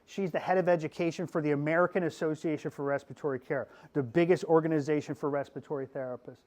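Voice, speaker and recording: Goofy middle-aged guy from pennsylvania talking to a class, kinda high voice, keeps saying okay?. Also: fast. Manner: goofy, animated, asks "okay?" often. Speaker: podcast host giving a class talk. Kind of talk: lively classroom presentation.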